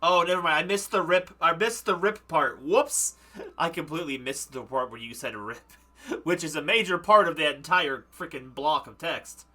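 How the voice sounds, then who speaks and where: A man's voice: on the high side, moderate pace, bright, forceful tone. A man streaming a game live, chatting casually and laughing at his own mistakes. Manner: chatty, laughs at himself, reads game text aloud. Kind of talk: live gameplay commentary.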